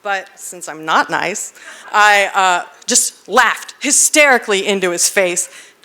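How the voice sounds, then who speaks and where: A woman telling a personal story on stage, animated and self-deprecating, often laughing as she talks. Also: mid-range voice, slow pace. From United States. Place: stage at a live storytelling event.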